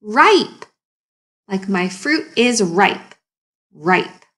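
A woman teacher takes young pupils through a phonics lesson at a very unhurried pace, stretching each sound apart. Her voice is bright and forward, with a gravelly fry at the ends of phrases, and she keeps asking the class encouraging questions. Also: medium pitch, expressive. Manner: slow, exaggerated sounding out of words.

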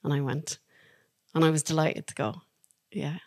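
An Irish woman, a podcast guest, telling stories in a chatty, animated way, laughing now and then. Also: deep voice, moderate pace, no room sound, studio quality. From Ireland. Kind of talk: casual storytelling.

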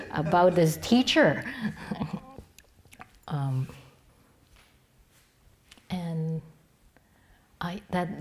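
A middle-aged woman Dharma teacher giving a Buddhist talk, halting and full of restarts, often dropping to a soft near-whisper. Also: low voice. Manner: halting, with many restarts and fillers.

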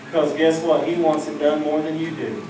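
A man, preaching with folksy, riled-up fervor. His voice sits a little high and rings through a very echoey church, heard from a distant mic with music underneath. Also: level tone, a little fast. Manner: folksy, riled-up, leads call-and-response prayer. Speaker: pastor. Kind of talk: fervent preaching. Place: church service.

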